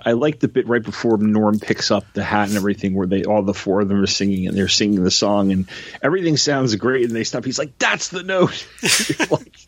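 A man in his forties co-hosting a podcast in casual chat, halting and self-deprecating, laughing often. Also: lowish voice, dry recording. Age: 40s. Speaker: podcast co-host.

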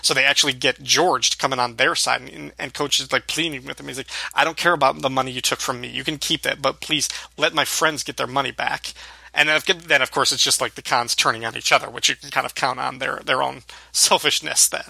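A man's voice: mid-range voice, steady tone, fairly quick, vocal fry, bright, forceful tone, husky, no echo. A man co-hosting a casual podcast, recapping a sitcom episode, acting out lines and laughing often. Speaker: podcast co-host.

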